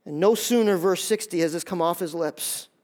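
A man preaching a sermon, animated and conversational, acting out scenes and talking straight to his listeners. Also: high voice, normal speed. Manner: animated, acts out scenes in quoted voices; conversational, talks straight to the audience. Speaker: pastor.

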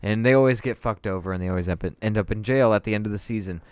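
A man's voice: on the low side, very fast, a little mellow, smooth, no echo, clean studio sound. A man co-hosting a casual podcast, riffing playfully and swearing. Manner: playful, riffs and jokes, swears. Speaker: podcast co-host.

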